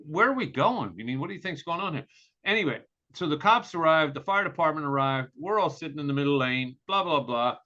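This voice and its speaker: A man's voice: fairly high pitch, bright, forceful tone. A man co-hosting a podcast, telling a story in casual chat, acting out the quotes and laughing often. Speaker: podcast co-host. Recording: dull lo-fi sound.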